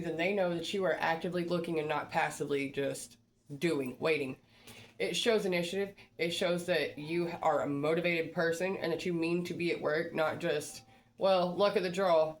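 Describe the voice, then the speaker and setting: A woman hosting a motivational advice talk, coaching listeners in a direct, repetitive pep-talk manner. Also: lowish voice. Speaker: job-search advice host.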